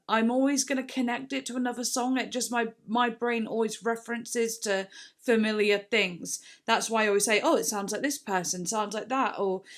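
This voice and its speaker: A woman hosting a music reaction video, chatting casually and getting excited as she listens. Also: fairly high pitch. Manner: chatty, rambling, excitable with gasps and laughs. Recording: faint song playing behind.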